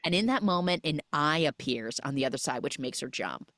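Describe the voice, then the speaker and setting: A woman's voice: sits low, a little fast, dry recording, studio quality. A woman hosting a podcast, retelling a film's plot in a chatty, casual way full of "like". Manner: chatty, lots of "like", animated retelling. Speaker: podcast host. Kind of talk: casual film recap chat.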